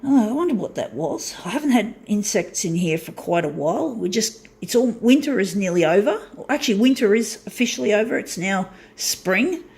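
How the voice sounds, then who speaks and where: A woman's voice: medium pitch, lively intonation, fairly quick, few pauses, a little mellow. Swearing woman ranting at home. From southern hemisphere. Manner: swearing, frustrated ranting with frequent restarts. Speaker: vlogger. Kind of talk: casual ranting monologue. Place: small home unit.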